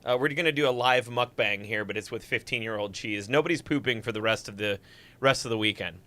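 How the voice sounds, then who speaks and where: A man's voice: on the low side, a little fast, pushed and bright. A man from Superior, Wisconsin, a guest musician joking dryly in casual livestream chat. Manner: dry joking banter.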